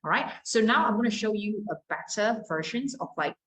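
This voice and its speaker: A woman's voice: medium pitch, lively intonation, a little fast, poor audio. A young Malaysian woman with a Malaysian English accent, teaching an exam-prep class, modelling pronunciation and dropping into Mandarin to explain.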